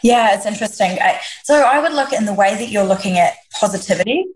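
A woman's voice: medium pitch, animated, quick pace, slight background noise, rough recording. A woman who works as a leadership coach, answering interview questions in an earnest, reflective way, often restarting her sentences. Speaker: leadership coach, podcast guest.

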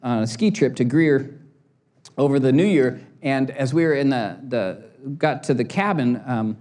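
A middle-aged male pastor delivers a sermon through an animated personal story. He acts out each quote and laughs at himself as he goes, moving from light humor to earnest urging. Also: medium pitch, moderate pace.

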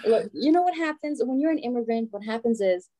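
Frank, lively woman guest from Albania, middle-aged, warm and mellow in tone. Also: fairly high pitch, a little fast. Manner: animated, frank storyteller. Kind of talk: casual conversation.

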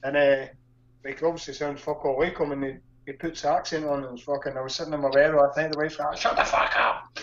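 A man's voice: fairly high pitch, flat delivery, fast, highs cut off, a little hiss or hum. Blunt, swearing man. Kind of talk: casual chat.

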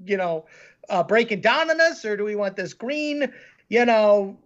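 A man co-hosting a podcast in casual chat, rambling and animated with lots of fillers. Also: high voice, a little slow, muffled recording. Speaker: podcast co-host, animation studio co-founder.

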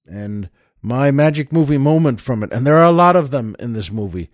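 A man's voice: medium pitch, expressive, fairly quick, no echo, studio quality. An older man hosting his own show, talking to listeners in a chatty, enthusiastic, rambling way with many asides. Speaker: show host. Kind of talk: casual monologue to listeners.

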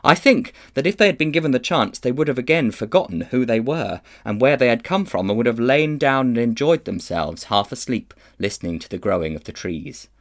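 A man reading a children's novel aloud in an expressive storytelling manner. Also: mid-range voice, fairly quick, hardly any pauses. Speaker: children's book reader.

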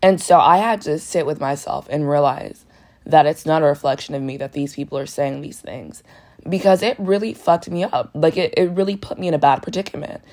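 A young woman in college with a croaky, dehydrated voice, candidly telling a raw personal story in a casual vlog. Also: low voice, fairly quick, a little mellow. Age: young adult. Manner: candid, raw, frank storytelling with blunt language.

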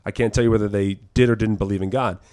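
A man co-hosting a podcast in casual chat, telling animated stories, acting out quotes and swearing freely. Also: lowish voice, fast talker. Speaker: podcast co-host.

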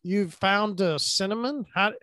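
An easygoing man hosts a relaxed chat and keeps tossing questions to his guests. His voice sits high and the sound is dry and close. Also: measured pace, no echo. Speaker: podcast host. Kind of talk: casual chat.

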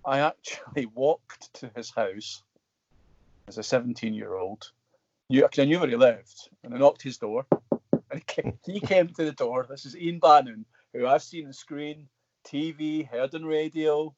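A middle-aged Scottish man, an actor guest, telling stories in an animated, rambling way with many restarts. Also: mid-range voice, a little slow, highs cut off. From Scotland. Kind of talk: casual storytelling interview.

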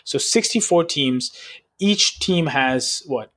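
A man's voice: fairly high pitch, animated, slow pace, a bit bright. A man co-hosting a sports podcast, chatting casually and rambling, with lots of "like" and "right?". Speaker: podcast co-host.

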